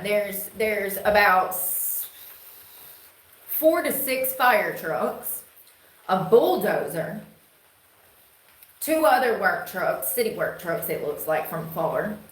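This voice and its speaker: Southern-twanged North Carolina woman, casual blunt streamer, mid-pitched, echoey room with faint noise. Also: lively intonation, takes it slowly, pauses often, a bit bright. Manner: drawling, blunt, swears casually. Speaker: live streamer. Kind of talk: casual rambling chat to viewers. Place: indoor room, rain outside.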